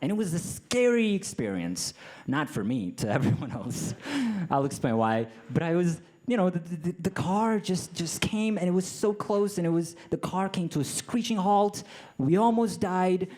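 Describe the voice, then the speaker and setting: A young man doing a stand-up comedy set, self-mocking and animated, tripping over his words and restarting often. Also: high-pitched, moderate pace.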